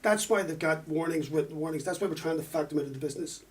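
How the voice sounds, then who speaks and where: An Irish man on a podcast, telling animated work stories in casual chat, swearing freely. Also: on the high side, quick pace, distant mic. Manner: animated, swearing, laughing storyteller.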